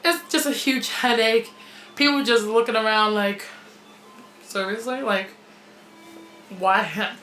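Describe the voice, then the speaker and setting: A woman giving a casual, opinionated wrestling review, blunt and outspoken and quick to swear, recorded in a gym. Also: fairly high pitch, sharp tone, faint music behind. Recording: echoey gym room.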